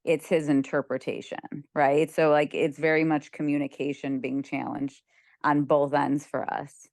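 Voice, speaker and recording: A woman's voice: deep voice, flat delivery, measured pace, creaky, darkish tone, no echo, studio quality. A young woman chatting casually on a video call from her bed, filling her talk with "like". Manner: chatty, many "like" fillers, laughs easily. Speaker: group member sharing. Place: lying on a bed at home.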